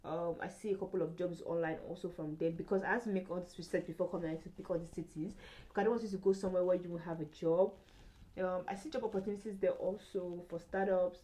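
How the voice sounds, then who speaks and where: A woman's voice: fairly low pitch, fairly even intonation, fast talker, dark tone, low-quality recording. A young adult woman vlogging in casual chat, rambling with many fillers and restarts.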